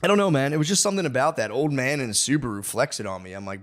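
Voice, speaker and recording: Racing along with hardly any pauses, a man with an animated, medium-pitched voice hosts a comedy podcast. His long, profane story comes out as a rambling, mock-aggressive rant packed with asides and restarts.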